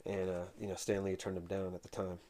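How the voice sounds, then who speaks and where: Casual male vlogger, lowish dark voice, rambling storyteller. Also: completely flat delivery. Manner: unhurried, conversational storytelling. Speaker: comic collector vlogger.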